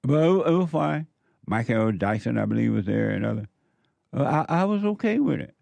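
A man's voice: medium pitch, big pitch swings, moderate pace, creaky, a little mellow, no room sound. A man hosting a commentary show, preaching emphatically and telling stories from his youth. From southern United States. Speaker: commentary host.

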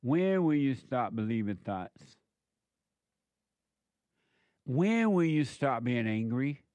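A man's voice: medium pitch, sing-song, slow, a little mellow, no room sound. Man preaching with emphatic repetition. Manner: emphatic, repetitive, rhetorical questions. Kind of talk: preaching monologue.

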